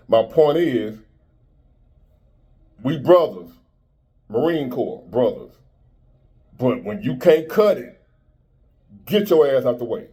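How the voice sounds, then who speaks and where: Man, 50s, motivational monologue, blunt, preachy, warm low tone. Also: animated, takes it slowly, pauses often. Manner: blunt, preachy, street-talking. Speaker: motivational speaker.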